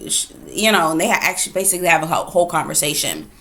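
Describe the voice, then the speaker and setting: A woman reviewing a TV episode in a casual recap, animated, acting out quotes and asides. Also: on the low side, very fast. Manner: animated, retells scenes with voiced quotes and asides.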